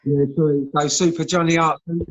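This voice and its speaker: A man's voice: fairly high pitch, level tone, fairly quick, low-quality recording. A man, a former footballer telling stories in casual chat, laughing often, over a video call. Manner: chatty storyteller, laughs often.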